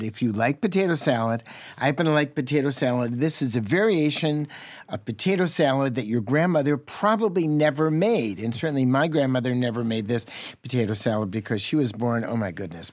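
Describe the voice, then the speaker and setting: A man's voice: medium pitch, no room sound. A man, a family doctor co-hosting a radio health show, talking in a chatty, joking, reassuring way. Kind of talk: casual radio health talk. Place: radio studio. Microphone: studio mic.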